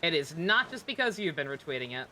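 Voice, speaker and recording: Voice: medium pitch, sing-song, quick pace, sharp tone, a little hiss or hum. A streamer chatting casually over gameplay, swearing freely and laughing often.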